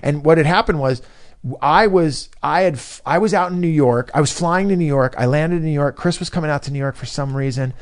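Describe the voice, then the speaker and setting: A man's voice: on the high side, brisk. A man from California, a comedian, telling a long casual story in a podcast chat and acting out his friends' lines. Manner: animated, acts out quoted friends, swears freely.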